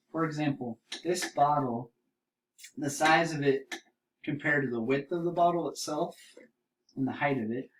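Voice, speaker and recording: A man teaching an art lesson, explaining drawing steps and repeating key terms slowly as he demonstrates. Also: a little high, far from the mic, slight background noise, rough recording.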